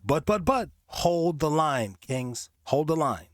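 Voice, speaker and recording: A man reacting to clips and talking straight at his male audience in a preachy tone. His voice sits a bit high for a man and the recording is dry and close. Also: very animated, slow pace, no echo. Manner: preachy, addresses male viewers directly. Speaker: reaction video host. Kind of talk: commentary on clips.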